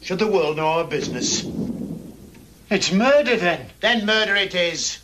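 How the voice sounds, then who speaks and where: A man's voice: high voice, lively intonation, measured pace, noisy background. An actor playing a blunt, guarded man who drinks in a village pub in a film, with a curt manner. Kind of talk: film dialogue. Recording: film clip with rain and thunder.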